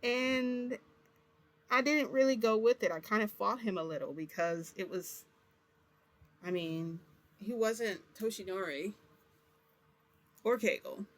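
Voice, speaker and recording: A woman talks straight to her viewers, winding through a personal story with plenty of fillers and asides. Her delivery is loose and animated, breaking now and then into a laugh. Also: mid-range voice, takes it slowly, long pauses. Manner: rambling, chatty, many fillers. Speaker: vlogger. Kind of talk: casual confessional storytelling.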